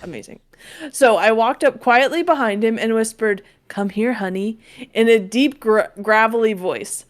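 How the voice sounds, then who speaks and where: A woman co-hosting a casual podcast, reading a listener's story aloud. Her voice sits a little high, and she keeps a dry, unbothered tone with quick asides. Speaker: podcast co-host.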